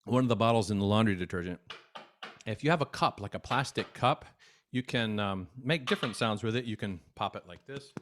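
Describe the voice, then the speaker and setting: A man's voice: on the low side, brisk, a little hiss or hum. A man teaching an at-home music lesson for children from his desk, upbeat and chatty, talking straight to young viewers.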